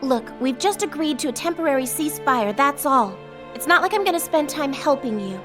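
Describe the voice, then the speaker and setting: A high, bright voice belongs to a proud teenage girl mage in an anime dub. She lectures and flares up fast. Soft music plays behind her. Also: expressive. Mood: guarded.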